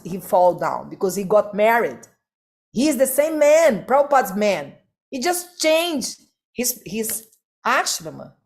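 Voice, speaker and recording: Slow, emphatic woman giving a devotional class. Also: medium pitch, a little mellow. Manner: slow, emphatic, rhetorical questions, non-native phrasing. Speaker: spiritual teacher.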